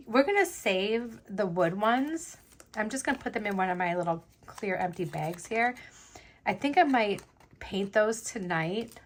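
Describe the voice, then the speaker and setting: A woman's voice: mid-range voice, vocal fry, a little hiss or hum. A woman vlogger chatting casually as she makes jewelry, thinking aloud with lots of fillers. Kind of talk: casual crafting chat.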